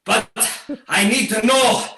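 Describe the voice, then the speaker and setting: A man improvising a bossy lawn-care boss who shouts his orders. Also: high-pitched, slow pace, full character voice. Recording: roomy, far from mic.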